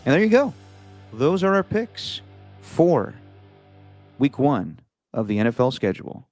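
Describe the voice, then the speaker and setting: A man co-hosts a laid-back football picks chat, reading each matchup before riffing on his own calls. His voice sits at an ordinary middle pitch and comes through a video call. Faint music plays underneath. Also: a little slow, no room sound. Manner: relaxed, reads matchups then riffs on picks. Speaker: co-host reading out games and picks. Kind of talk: casual sports picks chat.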